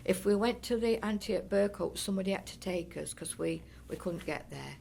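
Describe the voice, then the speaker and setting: An older woman from the North East Derbyshire area of England reminisces as an oral history interviewee, chatty and rambling with frequent restarts and fond asides. Her mid-range voice is brisk, creaky and mellow, with slight background noise.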